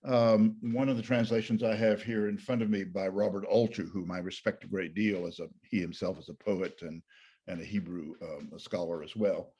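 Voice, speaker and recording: A man's voice: deep voice, fairly even intonation, normal speed, mellow, breathy edge, lo-fi sound. An older man, a pastor teaching a Bible study in a thoughtful, digressive way, correcting himself often. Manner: thoughtful, digressive, with frequent fillers and self-corrections. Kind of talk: informal Bible lecture.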